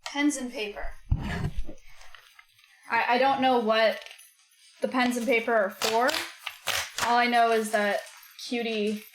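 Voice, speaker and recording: A woman's voice: fairly high pitch, flat delivery, slow, long pauses, background noise. A woman streamer chatting casually with her viewers, reacting aloud to their comments and to clips. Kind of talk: casual chat with live viewers.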